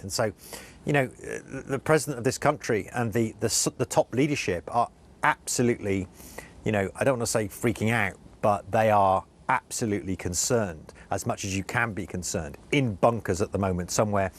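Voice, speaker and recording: Halting male war correspondent, low voice. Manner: earnest, halting, many restarts. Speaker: senior international correspondent. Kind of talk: live news interview report.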